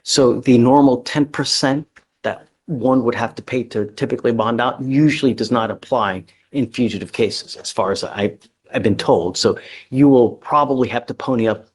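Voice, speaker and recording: A judge on the bench, a man with a husky, breathy edge to his mid-range voice. He speaks bluntly and directly, laying out the rules of a courtroom bail hearing. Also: mid-range voice, moderate pace.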